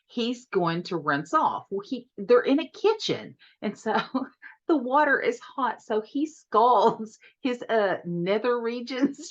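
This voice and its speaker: A woman's voice: medium pitch, highs cut off. A woman reviewing a horror movie in a chatty, giggly way, often repeating her words. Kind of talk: casual video review.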